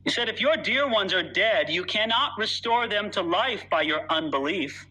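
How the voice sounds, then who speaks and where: A man's voice: sits high, lively intonation, moderate pace, sharp tone, breathy edge, poor audio. A man preaching a sermon in an earnest, emphatic way, reading scripture aloud with dramatic weight.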